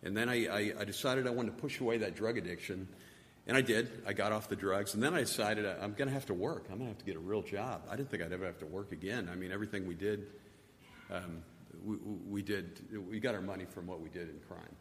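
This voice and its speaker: A middle-aged man giving a personal testimony, halting and soft-spoken, often repeating his words. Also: lowish voice. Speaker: testimony speaker. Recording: long hall reverb, faint noise.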